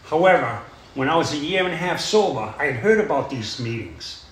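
A man's voice: on the high side, animated, brisk. A middle-aged man telling his recovery story in a plain, rambling way, full of "you know" and "uh". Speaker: AA speaker sharing his story. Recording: echoey room.

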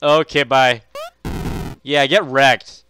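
A man voicing a bratty, destructive male house cat who loudly mocks its owner while playing a video game. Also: mid-range voice, steady tone, slow, faint music behind. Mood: gloating. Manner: loud, gloating, mocking taunts.

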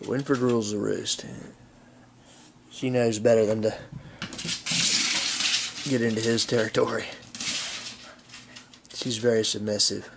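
A man's voice: fairly low pitch, fairly even intonation, unhurried, vocal fry, pauses often, heavy background noise. A man chatting casually outdoors, narrating a game of fetch and fondly coaxing his dog. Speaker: channel host. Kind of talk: casual vlog commentary while playing fetch.

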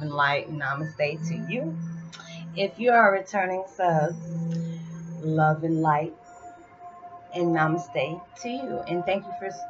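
A woman talking casually and confidingly to her channel about spiritual matters, in a rambling, heartfelt way. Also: lowish voice. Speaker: vlogger. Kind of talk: casual spiritual vlog talk. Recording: slightly dull lo-fi sound with music behind. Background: music.

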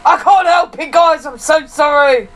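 A young woman co-hosting casual gameplay commentary, giggly and quick to laugh. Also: high voice, a bit bright, poor audio. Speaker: co-host. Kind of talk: casual let's-play commentary.

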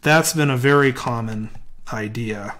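Man, storyteller, mid-pitched voice, measured horror reading, pausing for suspense. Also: a bit bright. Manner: hesitant, many fillers in his commentary. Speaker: reader.

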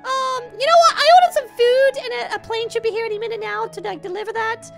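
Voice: extremely high pitch, steady tone, fast, vocal fry, music in the background. A voice actor playing a cheerful, scatterbrained grandma who giggles and rambles.

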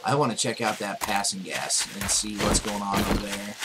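A man casually commentating on a survival game as he plays, excitable and talking back to the enemies on screen. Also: fairly low pitch, normal speed, heavy background noise. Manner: excitable, talks to the game's enemies. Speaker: gameplay commentator. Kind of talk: casual let's-play commentary. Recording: loud game music under the voice.

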